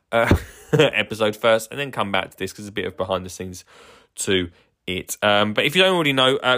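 A man's voice: mid-range voice, a bit bright. Rambling, upbeat man. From England. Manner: rambling and enthusiastic, many fillers and restarts. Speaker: podcast host. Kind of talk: casual solo podcast monologue.

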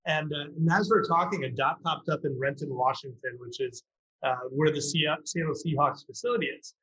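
A man, a startup founder, telling a story on a podcast with lively acted-out quotes. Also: a little high, fairly quick. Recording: roomy, dull lo-fi sound.

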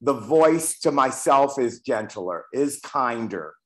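A man's voice: mid-range voice, animated, slow pace. A man in his sixties, reading aloud and then sharing candidly, with some profanity, about his own recovery. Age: 60s. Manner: candid, profane, self-deprecating. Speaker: recovery meeting member sharing.

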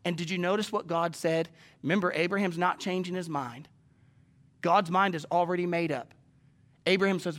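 A man preaching a sermon as pastor, firing rhetorical questions and swinging between emphatic raised lines and soft hushed ones. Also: a little high, moderate pace. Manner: asks the congregation many rhetorical questions.

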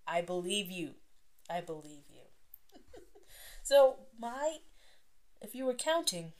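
A woman's voice: medium pitch, darkish tone. A young adult woman hosting a casual solo podcast, chatting freely, laughing often and sometimes dropping to a whisper. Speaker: podcast host.

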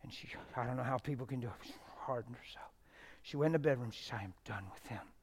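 A middle-aged man preaching a testimony sermon, swinging from loud shouted stretches to hushed, near-whispered ones. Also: mid-range voice, steady tone, fast talker.

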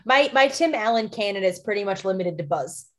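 A woman's voice: medium pitch, lively intonation, a little fast. A young woman co-hosting a podcast in casual chat, laughing often and restarting her sentences. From lives in the Canadian Maritimes. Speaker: podcast co-host.

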